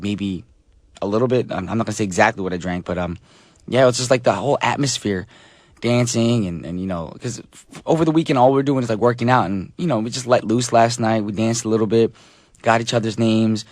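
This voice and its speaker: Hoarse radio DJ, chatty. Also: male voice, mid-range voice, no room sound, clean studio sound. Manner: chatty, joking, many fillers. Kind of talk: casual radio chat.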